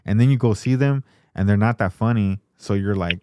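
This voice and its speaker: A man hosting a podcast, chatting casually in a relaxed way with lots of fillers. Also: fairly low pitch, a little fast, a little hiss or hum. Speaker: podcast host. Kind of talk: casual chat.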